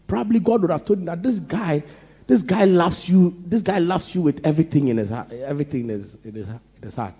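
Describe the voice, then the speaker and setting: A Ghanaian pastor preaches with a husky, fairly high voice. He tells his stories animatedly, dropping to quiet asides and then bursting out loud with laughter. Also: brisk. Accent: Ghanaian English. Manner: animated storytelling, laughing, swinging between soft and loud. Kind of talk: sermon.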